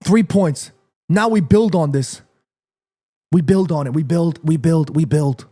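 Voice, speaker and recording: A man with a fairly high voice, talking, reacts live to a football match for his stream. He reads viewer messages aloud and answers them, sometimes quiet and reflective, sometimes loud and profane. He sounds worked up and sweaty after the match. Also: a little slow. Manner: animated, swings from calm to heated rants, swears, reads chat aloud. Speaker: watchalong streamer.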